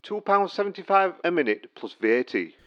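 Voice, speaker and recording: In a comic sketch, a man from Stocksbridge, England plays a help desk worker who stays unfailingly polite while sounding dry and patronizing. His high-pitched, sing-song voice moves fairly quickly and rises and falls a lot. It sounds muffled, as though coming down a phone line.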